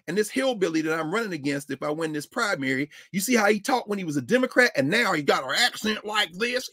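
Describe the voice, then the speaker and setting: Emphatic, animated man lecturing. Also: high voice, fast, hardly any pauses, husky, no room sound, studio quality. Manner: emphatic, preacher-like rhetorical questions. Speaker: professor and regular guest commentator. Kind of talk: impassioned lecture.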